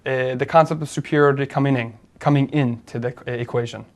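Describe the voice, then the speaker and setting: A man's voice: mid-range voice, steady tone, quick pace, darkish tone. A man co-hosting a discussion, explaining his reasoning step by step with frequent fillers and restarts. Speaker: co-host. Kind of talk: conversational discussion.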